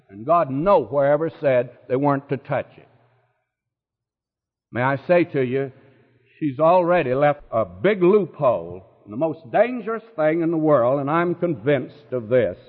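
Emphatic preacher in a reverberant hall. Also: male voice, sing-song, a little slow. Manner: emphatic, rising to high ringing peaks. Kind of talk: sermon. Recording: phone-like sound with long hall reverb.

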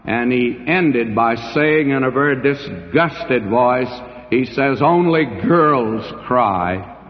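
A man preaching a sermon as a pastor, slow and deliberate, with dramatic pauses between phrases. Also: mid-range voice. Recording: dull old recording in a hall.

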